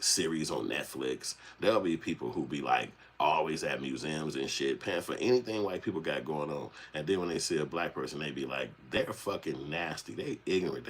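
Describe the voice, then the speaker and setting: A man hosting a casual livestream, talking with animated, profane energy and acting out the voices he quotes. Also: very deep voice, husky. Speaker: channel host.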